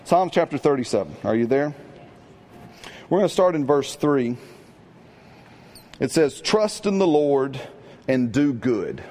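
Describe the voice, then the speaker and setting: A middle-aged man preaching a sermon in a lively, conversational way, often asking his congregation questions. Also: mid-range voice, measured pace, pauses often. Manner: animated, call-and-response with congregation. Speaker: pastor.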